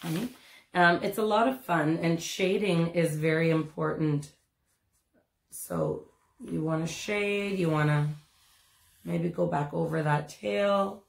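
Low gravelly woman teaching kids to draw. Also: slow pace, roomy sound. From Canada. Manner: chatty and encouraging, many ums and asides. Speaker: art teacher. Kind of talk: step-by-step drawing lesson for children.

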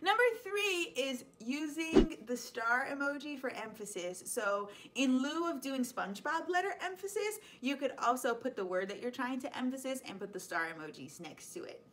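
A woman in her thirties, a high school teacher hosting a casual explainer vlog, chatty and playful, laughing often. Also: sing-song, moderate pace, hardly any pauses, noisy background.

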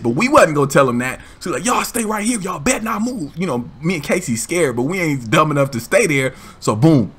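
Gaming host, man, husky voice, animated laughing storyteller, casual slang. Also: medium pitch.

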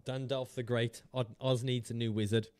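A man's voice: medium pitch, flat delivery, normal speed, darkish tone, clean tone, no echo. A man chatting casually on a live stream, rambling, chatty and self-mocking, swearing freely into a desk mic.

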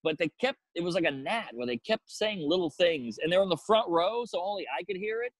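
Animated, profane male comedian, close and dry. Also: high-pitched, fairly quick, dry recording, low-quality recording. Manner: profane, animated storytelling with acted-out quotes. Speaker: comedian guest. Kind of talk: casual storytelling chat.

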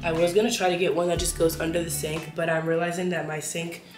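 A woman's voice: lowish voice, little pitch movement, fast talker, reverberant, over music. Chatty young woman vlogging at home. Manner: chatty, talks to viewers while tidying. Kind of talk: casual vlog narration. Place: apartment kitchen, indoors.

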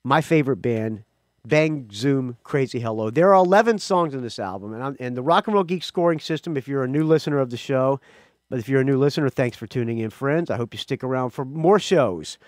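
Chatty rambling podcast host, lively pitch. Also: male voice, fairly quick, no room sound, studio quality. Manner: rambling, chatty, self-correcting. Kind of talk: casual solo podcast talk.

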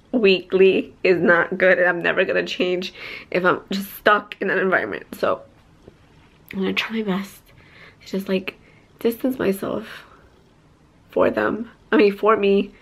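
A woman's voice: mid-range voice, a little slow, creaky, pauses often, husky, low-quality recording. Candid rambling young woman vlogger. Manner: candid, rambling, sighs and trailing off. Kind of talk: casual vlog talk to camera. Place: family home indoors.

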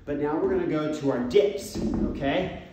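A man's voice: on the high side, normal speed, noisy background. A man leading a home workout as a fitness coach, counting out reps and encouraging the listener. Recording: very echoey room, mic far off.

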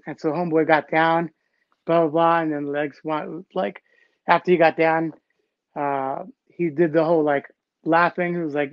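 A man guest recounting old stories in a casual, animated way, acting out what others said. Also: on the high side, normal speed, dry recording. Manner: animated, acts out quotes from others. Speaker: interview guest, b-boy. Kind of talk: casual storytelling. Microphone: phone or call audio. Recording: dull, dry call audio.

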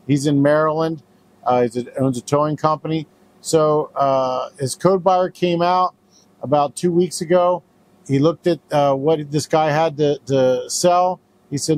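A man's voice: fairly high pitch, steady tone, measured pace. A man who runs a recycling business, talking casually to camera and telling a story, with plenty of fillers as he goes. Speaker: business owner. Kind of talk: direct-to-camera business talk.

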